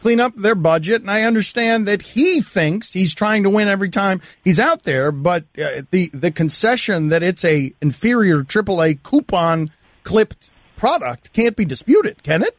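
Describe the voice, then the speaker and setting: A man hosting a radio show, reading promos and arguing his points forcefully with a guest. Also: high-pitched, expressive, normal speed, no room sound, clean studio sound. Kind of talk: radio talk and interviewing. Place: radio studio.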